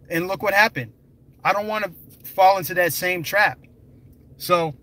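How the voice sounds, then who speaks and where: A man's voice: high-pitched, bright, forceful tone, rough recording. A young man live streaming, talking emphatically and directly to his viewers in a conversational way. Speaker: political vlogger.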